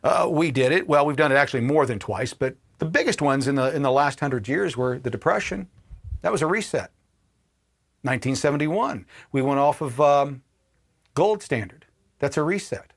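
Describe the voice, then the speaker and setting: A man hosting a political livestream, ranting with profanity and swinging between shouting and low muttering. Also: lively intonation, normal speed. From Indiana, US. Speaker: political commentary host.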